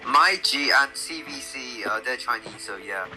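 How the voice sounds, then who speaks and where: A tournament organizer joking around on a stream with teasing dark humor. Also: mid-range voice, animated, a little slow, over music, poor audio. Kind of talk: casual stream banter.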